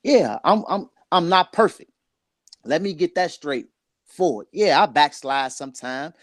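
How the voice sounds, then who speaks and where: His voice is on the high side, expressive and a bit slow, captured cleanly in a studio without echo. A guest in his forties, he recounts his life earnestly in a candid conversation, getting emotional and repeating phrases for emphasis.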